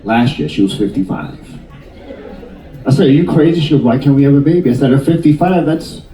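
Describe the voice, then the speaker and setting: A man's voice: medium pitch, fairly quick, far from the mic. Stand-up comic, man, 50s, teasing crowd work, roomy off-mic sound. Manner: animated, jokey, teasing the audience. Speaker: stand-up comedian. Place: cruise ship theater.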